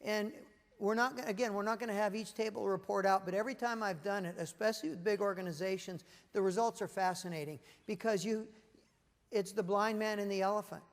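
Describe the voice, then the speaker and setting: A man's voice: high voice, fairly even intonation, a little fast, long reverb tail. A middle-aged man giving a corporate leadership presentation to a room of people at tables, telling stories and asking rhetorical questions. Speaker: keynote speaker. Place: large meeting room with an audience at tables.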